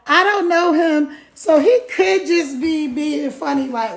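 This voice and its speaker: A woman's voice: high voice, measured pace, hardly any pauses. A middle-aged woman chatting casually on a live stream, rambling and greeting viewers by name.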